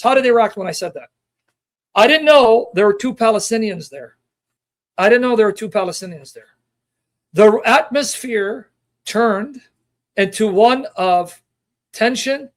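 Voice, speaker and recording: A man recounting a debate in an emotional personal reflection, impassioned and repetitive, dropping from loud emphasis to hushed near-whispers and acting out quoted dialogue in his own voice. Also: high voice. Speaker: Christian apologist recounting a debate.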